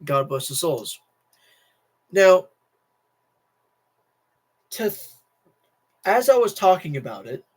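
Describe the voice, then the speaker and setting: Weary and restless, a teen boy rambles through a casual political rant to his stream's camera. His sentences keep restarting, and he repeats himself as he loops back over points, in a voice slightly high for a young man.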